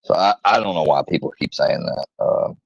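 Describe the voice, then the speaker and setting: A channel host rants casually in a vlog, rambling and halting with many fillers and pauses, sounding defensive and irritated. His voice is low-pitched, gravelly, and slightly rough, captured in a dull, lo-fi close recording with no echo.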